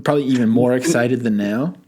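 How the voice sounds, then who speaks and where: A man's voice: medium pitch, fast talker, warm tone. A man co-hosting a casual podcast over a call, teasing and playful, laughing often. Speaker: podcast co-host. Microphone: remote call mic.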